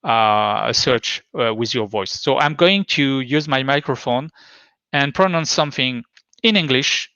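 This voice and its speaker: Male conference presenter, French accent, muffled slightly dull line, halting delivery full of "uh". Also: medium pitch, bright, forceful tone, smooth, no room sound. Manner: hesitant, many fillers and restarts. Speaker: conference speaker. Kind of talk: technical talk with live demo. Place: home.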